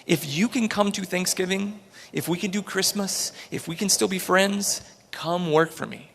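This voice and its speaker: A man's voice: high-pitched, moderate pace, vocal fry, fairly bright tone, long reverb tail, slight background noise. A man, an entrepreneur, giving an earnest, story-filled inspirational talk on a large auditorium stage.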